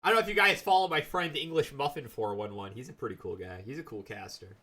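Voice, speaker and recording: A man giving casual, joking let's-play commentary, sarcastic and lively. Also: mid-range voice, fast. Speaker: streamer playing a game. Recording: mic sounds distant, game music behind.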